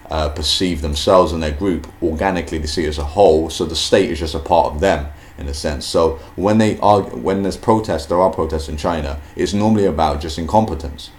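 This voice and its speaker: Very deep-voiced man, hesitant commentary. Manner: hesitant, many fillers and restarts. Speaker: video host. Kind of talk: casual spoken commentary.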